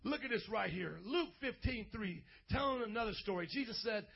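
Husky high-voiced preacher man, shouting. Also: fairly quick, muffled recording. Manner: energetic, slangy, bursts into shouts. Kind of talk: lively youth sermon. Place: church service.

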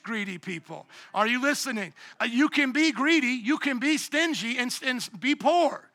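High, bright-voiced pastor preaching. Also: male voice, no room sound. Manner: lively, mimics people in quoted voices. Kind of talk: sermon.

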